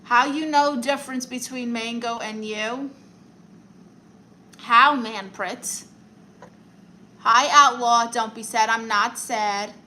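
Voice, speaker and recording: A woman's voice: fairly high pitch, steady tone, bright, forceful tone, low-quality recording. Sassy Brooklyn woman chatting on stream. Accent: New York. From Brooklyn, New York. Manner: sassy, playful, quick comebacks. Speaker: comedian live-streaming with viewers. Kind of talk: casual live-stream chat, reading viewer comments.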